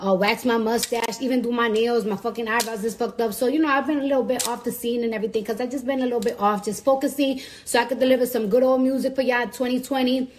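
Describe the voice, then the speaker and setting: A woman with a high-pitched voice talks straight to her fans, brash and playful. She swears freely and speaks bluntly, with a faint hum behind her. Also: fairly even intonation, quick pace, few pauses, darkish tone. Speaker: celebrity vlogger. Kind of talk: casual monologue to camera.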